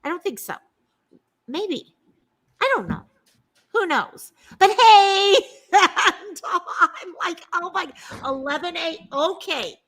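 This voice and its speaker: A woman hosting a casual livestream chat from home, talking to viewers and her pets. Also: pushed and bright. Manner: chatty, talks to her pets in a high sing-song voice. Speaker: livestream host.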